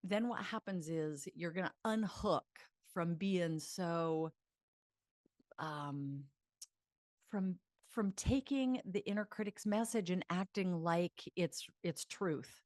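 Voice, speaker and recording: Low-voiced woman coaching self-help. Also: takes it slowly, no echo, studio quality. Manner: animated and chatty, laughs often, leads mantras aloud. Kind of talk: motivational self-help teaching to camera.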